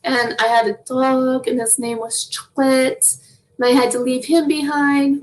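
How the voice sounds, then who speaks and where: A woman's voice: sits high, flat delivery, a little slow, distant mic, rough recording. A young woman chatting as an interview guest, laughing often between her phrases. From Canada. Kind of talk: casual interview chat.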